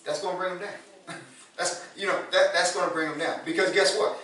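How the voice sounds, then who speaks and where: A man preaching a sermon in a relaxed, conversational way, repeating words and rising to loud emphasis. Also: high voice, brisk. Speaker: pastor. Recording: echoey room from far off.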